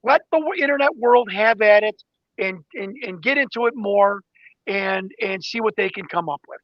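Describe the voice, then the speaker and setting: High-voiced excitable man, dull audio. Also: normal speed, no echo. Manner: excited storyteller, acts out quoted exchanges. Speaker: guest investigator. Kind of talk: animated interview talk.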